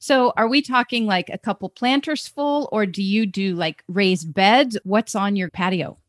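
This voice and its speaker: Woman podcast host, cheerful, laughs a lot, mid pitch, dry close sound. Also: measured pace, no room sound. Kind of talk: upbeat podcast chat.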